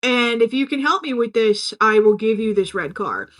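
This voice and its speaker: Bright-voiced animated woman podcaster. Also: fairly high pitch, moderate pace. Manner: animated, swearing, acts out characters in silly voices. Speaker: podcast co-host recapping a film. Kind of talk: casual chat.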